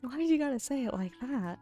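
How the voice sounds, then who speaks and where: A woman's voice: high voice, mellow. A young woman streamer chatting casually and giggling as she tells stories while gaming.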